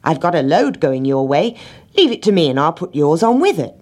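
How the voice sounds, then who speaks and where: A jolly, red-haired miller from a storybook, cheerful and friendly, voiced by a woman with a husky tone and lively lilt. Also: low-pitched, fairly quick.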